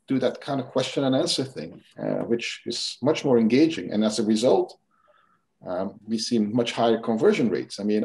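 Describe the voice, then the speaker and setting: Man talking thru his ideas, mellow warm voice, lots of restarts n "kind of". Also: mid-range voice. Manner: animated explaining, frequent restarts and "kind of". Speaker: guest expert. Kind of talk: interview conversation.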